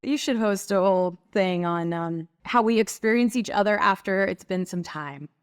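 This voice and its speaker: A woman's voice: medium pitch, normal speed, clean tone, dry recording, clean studio sound. A woman guest who leads women's retreats, speaking in a flowing, earnest, reflective way with frequent filler words. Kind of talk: reflective conversational coaching talk.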